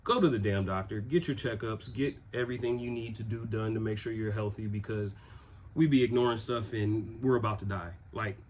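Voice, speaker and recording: Soft-spoken young man telling his story. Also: fairly low pitch, a little fast. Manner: loose, conversational, many ums and restarts. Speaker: vlogger. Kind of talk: personal storytelling to camera.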